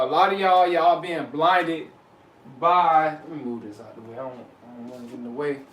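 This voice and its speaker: Guy with a high voice preaching at his viewers, kinda off-mic, echoey room. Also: distant mic, slight background noise. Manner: preachy, repeats "you know what I'm saying", addresses viewers as y'all. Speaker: vlogger. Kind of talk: casual motivational talk to camera.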